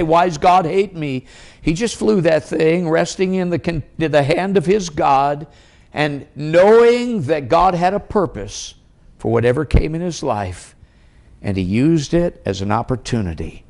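A middle-aged man preaching a sermon as an evangelist, telling a personal story with wide swings in pitch and loudness. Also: creaky.

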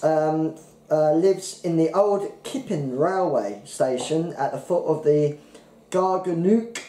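A man co-hosting a casual beer tasting podcast, who reads the labels out haltingly and stumbles over the words. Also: on the high side, dark tone, reverberant, poor audio. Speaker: podcast co-host.

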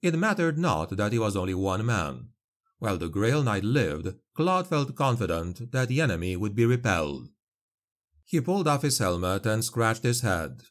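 A man narrating a dark fantasy audiobook in a measured storytelling manner. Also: fairly low pitch, sing-song.

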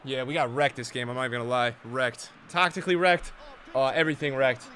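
A young man streaming a football video game, chatting casually with his viewers and swinging from low mutters to excited shouts, full of slang. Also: fast talker. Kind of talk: live gameplay commentary.

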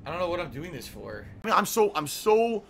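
Bright-voiced, exasperated male streamer. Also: high-pitched, sing-song, brisk, vocal fry, slight background noise, poor audio. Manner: frustrated, swearing, exclamatory. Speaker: gaming streamer. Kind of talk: live gameplay commentary.

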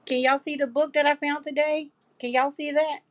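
In a dry recording, a middle-aged woman hosts a live craft stream, reading viewer comments and chatting casually. Her voice is high with a flat delivery at a normal speed.

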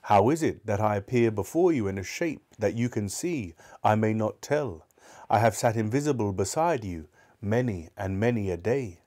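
Man doing a sad old ghost, low and dark toned, slow and grave. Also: expressive, natural voice. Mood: solemn. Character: mournful male ghost, heavy with regret.

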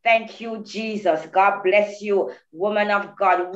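A woman's voice: mid-range voice, steady tone, takes it slowly, hardly any pauses, muffled recording. A Jamaican woman hosting an online prayer meeting, calling on speakers and praising aloud. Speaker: prayer call host.

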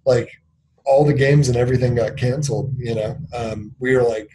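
A man's voice: medium pitch, steady tone, normal speed, dark tone, rough recording. A man in his thirties, a company founder, telling a personal story as an interview guest in a candid, filler-heavy way, often acting out what people said. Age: 30s. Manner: candid, filler-heavy, acts out quoted dialogue.

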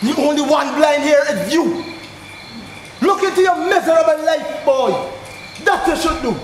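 A man's voice: very high-pitched, animated, measured pace. An actor playing a hot-tempered young man who angrily defends his woman in a stage play. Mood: scornful. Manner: loud, indignant, shouting outbursts. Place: theatre stage. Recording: echoey hall from far off, loud insect noise.

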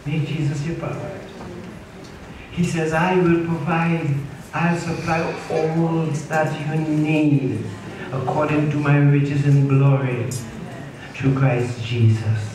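A man's voice: fairly high pitch, flat delivery, slow pace, background noise. A man preaching a sermon as pastor, repeating his lines and asking the congregation to answer back. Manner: preaching with repetition and call-and-response. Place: church sanctuary. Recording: echoey church hall from far off.

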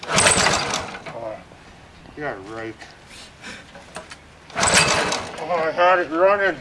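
A man's voice: a little high, lively intonation, extremely slow, far from the mic, noisy background. A man outdoors giving short, laid-back replies while working on a motor. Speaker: friend. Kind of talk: casual chat. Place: outdoors by a running engine.

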